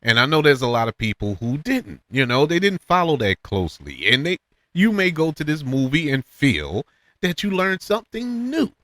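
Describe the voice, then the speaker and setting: Man, casual film review talk, lively swooping pitch, laughs a lot, dry close sound. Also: moderate pace, no echo. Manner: animated, laughs often, pitch jumps up high for emphasis. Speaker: podcast host reviewing films. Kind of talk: casual spoken movie review.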